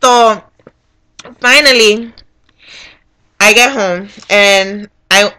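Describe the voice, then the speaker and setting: A woman's voice: medium pitch, extremely slow, pushed and bright. A young woman telling a profane storytime rant as a vlogger, acting out the people in her story. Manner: profane, acts out every voice in the story.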